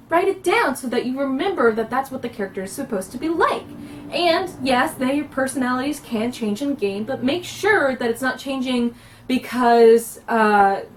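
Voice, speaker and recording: Woman, fairly high voice, earnest tabletop roleplay tutorial, mic some distance away. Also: a little hiss or hum. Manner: earnest, instructive, with frequent pauses. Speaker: roleplaying instructor. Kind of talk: casual explanatory lesson. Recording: recorded from a distance.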